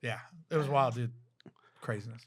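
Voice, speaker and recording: A man's voice: medium pitch, normal speed, a crowd in the background. A man, a guest comedian, telling profane anecdotes in casual chat with laughing asides.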